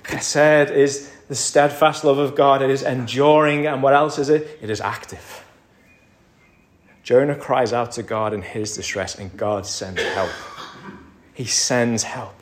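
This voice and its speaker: A man's voice: medium pitch, steady tone, slow. A man preaching a sermon, building to emphatic peaks and dropping to near-whispers. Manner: rises to emphatic crescendos, drops to near-whisper. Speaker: pastor.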